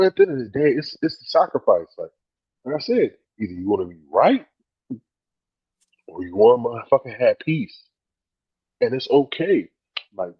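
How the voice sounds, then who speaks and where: A man's voice: medium pitch, breathy edge, muffled recording. A man co-hosting a casual podcast, telling stories with lots of swearing and acting out his friends' quoted words. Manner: swears freely, many "like" fillers. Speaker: podcast co-host.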